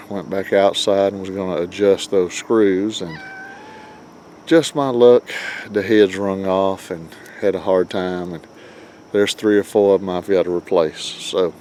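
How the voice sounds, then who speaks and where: Man, middle-aged, folksy and rambling, lowish voice, faint outdoor noise. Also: fairly even intonation, measured pace, darkish tone. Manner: folksy, rambling, self-deprecating. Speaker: vlog host. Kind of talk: casual outdoor vlog chat. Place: outdoors by a grill before dawn.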